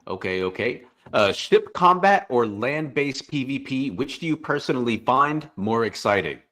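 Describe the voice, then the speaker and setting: A man co-hosting a gaming podcast, reading questions in a relaxed, low-key way. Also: moderate pace. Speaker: podcast co-host.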